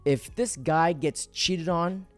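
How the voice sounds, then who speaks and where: A man's voice: on the high side, takes it slowly, faint music behind. A man hosting a commentary video, lecturing in a matter-of-fact way. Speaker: commentary host. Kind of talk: commentary narration.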